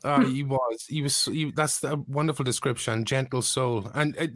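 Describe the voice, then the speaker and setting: A man's voice: mid-range voice, fairly even intonation, moderate pace, fairly bright tone, no echo, clean studio sound. A man hosting a casual interview, enthusiastic and admiring. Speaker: host.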